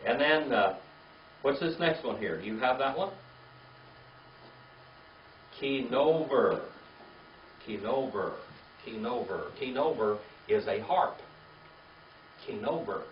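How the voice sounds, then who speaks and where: A man's voice: medium pitch, expressive, slow pace, pauses often, slight background noise. A man teaching a Bible class, spelling out words letter by letter and having the class repeat them. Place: classroom or church meeting room. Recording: echoey room, distant mic, dull lo-fi.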